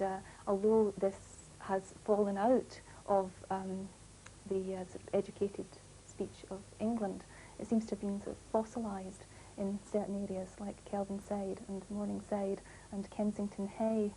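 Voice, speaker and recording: A woman's voice: mid-range voice, level tone, unhurried, mellow, a little hiss or hum, poor audio. A woman scholar explaining a point in an interview, thoughtful and hesitant, with many fillers. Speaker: language scholar.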